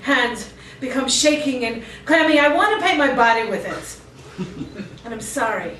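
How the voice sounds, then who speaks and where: A woman with a fairly high voice performs her spoken-word poetry at a cafe open mic, switching between rhythmic, intense delivery and casual asides. She is recorded from a distance in an echoey room, with faint background noise. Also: expressive, normal speed, fairly bright tone. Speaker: featured poet. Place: cafe performance space, live audience.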